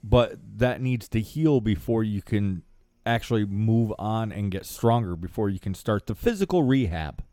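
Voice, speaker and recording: A man's voice: fairly low pitch, lively intonation, moderate pace, dark tone, dry recording. A man co-hosting a casual discussion, agreeing often and adding his own analogies. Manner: agreeable, chimes in with affirmations and analogies. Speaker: podcast co-host.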